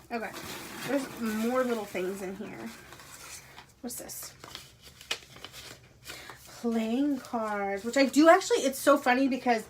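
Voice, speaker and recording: A woman unboxing a subscription box at home, gushing and excitable, dropping into hushed whispers between bursts of delight. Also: a little high, slight background noise. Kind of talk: casual unboxing vlog.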